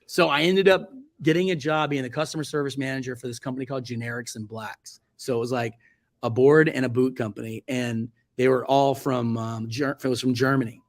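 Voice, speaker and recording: A man's voice: fairly even intonation, a little fast. A man in his forties, a photographer being interviewed, telling stories in a loose, rambling way full of fillers and self-corrections. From Virginia Beach, United States. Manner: acts out quoted speech in a much higher voice. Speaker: guest photographer. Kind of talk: casual interview storytelling.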